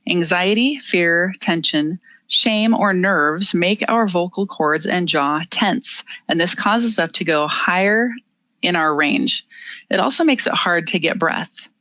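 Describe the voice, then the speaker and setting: A presenter teaching interview skills in a webinar, explaining each step clearly with the odd filler and small laugh. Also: mid-range voice, pushed and bright, no room sound, muffled recording. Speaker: webinar presenter on body language. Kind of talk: instructive presentation.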